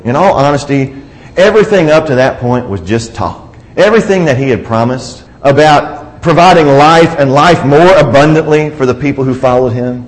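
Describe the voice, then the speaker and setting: A man preaching a sermon emphatically, asking the congregation rhetorical questions and swinging between raised and hushed delivery. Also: mid-range voice, rough recording.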